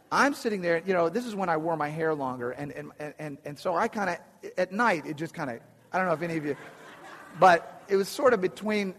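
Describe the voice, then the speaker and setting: A man telling a funny personal story to a live audience, animated and self-deprecating, with lots of restarts. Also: on the high side, long reverb tail.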